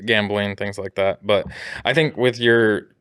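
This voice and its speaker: A man's voice: lowish voice, steady tone, measured pace, a bit bright, clear, resonant tone, dry recording, studio quality. A man co-hosting a podcast, easygoing, chiming in with short agreements, laughs and his own asides. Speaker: podcast co-host. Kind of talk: casual chat.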